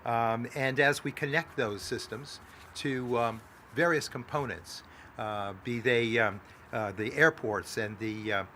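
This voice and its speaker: Brief: male lawmaker, bright voice, halting podium speech, faint background noise. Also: mid-range voice, fairly even intonation. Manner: halting, many "uh" fillers. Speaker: congressman. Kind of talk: speech at a press event.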